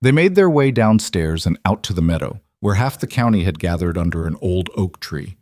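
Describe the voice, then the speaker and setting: A man narrating a storybook western in an even storytelling manner. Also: sits low, normal speed. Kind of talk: scripted narration.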